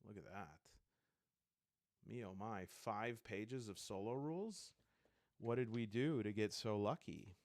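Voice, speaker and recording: A man's voice: lowish voice, a little slow, darkish tone, dry recording, clean studio sound. A man casually flipping through and reviewing a tabletop game book, rambling and thinking aloud with enthusiasm.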